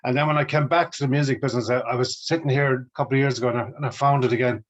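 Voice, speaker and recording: A man's voice: mid-range voice, fairly even intonation, racing. A middle-aged Irish man, a musician guest, telling stories about his career with enthusiasm. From Ireland. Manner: enthusiastic, storytelling. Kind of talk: casual interview chat. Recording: dull lo-fi audio.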